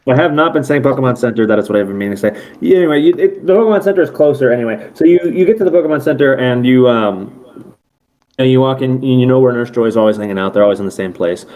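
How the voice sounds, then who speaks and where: Casual man game master, mid pitch, chatty narration over a call. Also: expressive, quick pace, a little mellow. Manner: casual, rambling, self-correcting.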